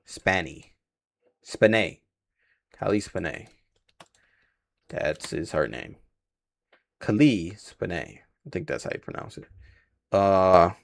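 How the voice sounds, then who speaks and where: A man's voice: deep voice, smooth. A man hosting a casual livestream reaction, rambling and slangy, swearing freely and stumbling over names. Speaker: livestream host reacting to casting news.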